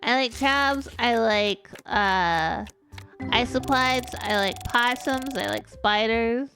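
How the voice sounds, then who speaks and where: A woman with a slightly raised voice chats away through a stuffed-up, congested nose as she streams a game. She rambles and drops sentences halfway. Soft music plays behind her. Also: a little high, takes it slowly. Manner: rambling, chatty, trails off mid-sentence. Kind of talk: casual gaming stream chat.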